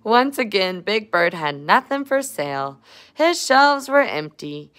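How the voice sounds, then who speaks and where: A woman's voice: medium pitch, very animated, measured pace, fairly bright tone. A woman reading a picture book aloud to children, adding chatty asides to her young listeners. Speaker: storybook reader.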